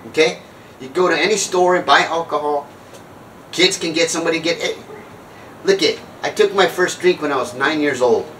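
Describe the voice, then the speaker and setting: A man's voice: on the high side, moderate pace, fairly bright tone, distant mic, slight background noise, low-quality recording. A man in his sixties telling a rambling, self-mocking comic story about his past, often breaking off and starting over. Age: 60s. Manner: rambling, self-mocking, jumps back and restarts. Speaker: comedic speaker on sobriety. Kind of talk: comedic storytelling monologue.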